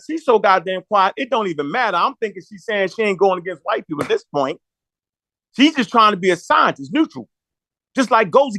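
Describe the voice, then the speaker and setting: On a podcast, a man tells a long story in a profane, slangy monologue, acting out the quotes as he goes. His voice sits high and a bit bright, with no echo.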